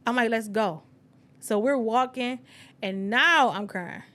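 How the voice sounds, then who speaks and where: High-voiced woman telling a dramatic story. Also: takes it slowly. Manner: animated storyteller acting out quotes. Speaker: podcast co-host. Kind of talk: casual storytelling chat.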